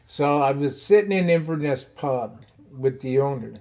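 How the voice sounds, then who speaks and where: A man hosting a podcast, telling a personal story in a casual, animated way and laughing often. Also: mid-range voice, normal speed. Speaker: podcast host.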